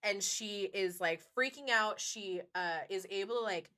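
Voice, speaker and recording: A woman with a bright, tense voice hosts a casual true-crime chat. She tells the story in an animated, chatty way, swearing freely and laughing often as she goes. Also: medium pitch, a little slow. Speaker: podcast host.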